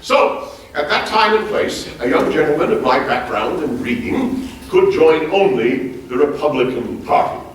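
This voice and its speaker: An actor playing a hearty, bookish former president on stage, quizzing a live audience in formal, old-fashioned phrasing. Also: male voice, a little high, normal speed, a little hiss or hum, close to an everyday voice. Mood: spirited. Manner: animated, quizzes the audience with lively questions. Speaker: historical reenactor on stage. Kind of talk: live one-man stage portrayal. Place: large auditorium stage before a live audience. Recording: very echoey hall, mic far off.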